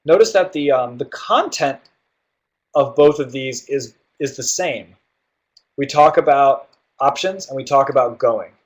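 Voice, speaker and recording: Male tutor, mid-pitched, explains test prep casually with lots of "um" and "right?". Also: animated, measured pace. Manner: explanatory, with frequent fillers and "right?" check-ins. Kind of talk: guided test-prep walkthrough.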